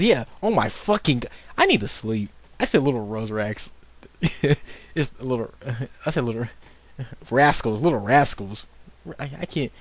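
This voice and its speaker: Lively-voiced young man, rambling and swearing. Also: mid-range voice, no room sound. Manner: rambling, swearing, self-mocking with frequent restarts. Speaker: video commentator. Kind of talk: casual unscripted commentary.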